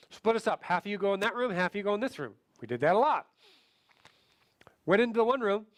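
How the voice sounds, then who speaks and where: Lively high-voiced man coaching a room. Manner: animated, quizzes the audience and acts out voices. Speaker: sales trainer. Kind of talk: training seminar talk.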